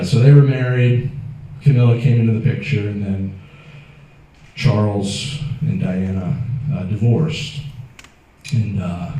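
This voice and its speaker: A man in his fifties tells stories in a stand-up set at a small comedy venue, rambling and hesitant with a self-deprecating manner. His medium-pitched voice has a dark tone, captured in a low-quality recording.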